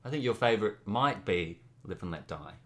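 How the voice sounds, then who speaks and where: A man's voice: fairly low pitch, lively intonation, brisk. A man, a podcast co-host making playful predictions in casual chat.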